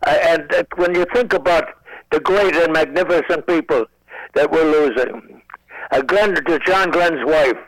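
A man's voice: fairly high pitch, unhurried, dry recording, low-quality recording. A man in his nineties, a comedian guest calling in from home, rambling with stammered restarts and dry wisecracks. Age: 90s. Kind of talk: joking radio interview.

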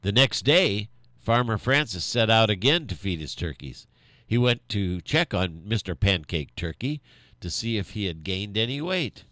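Deep, animated male storyteller. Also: normal speed, no room sound. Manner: animated, lively storytelling with restarts. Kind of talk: reading a children's story aloud.

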